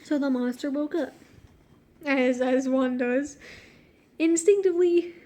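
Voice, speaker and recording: High, slow, giggly young woman. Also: mellow. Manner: giggly, slangy and self-mocking; easily distracted, breaks off mid-sentence. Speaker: reader of her own childhood story. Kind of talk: reading aloud with joking commentary.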